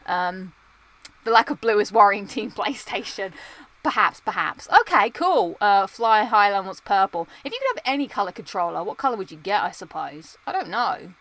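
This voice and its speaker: Her mid-range voice has big pitch swings, a fairly bright tone and a normal speed as this young woman streams and chats casually with viewers. She's rambling and playful, full of fillers and restarts, frequently laughing at her own expense.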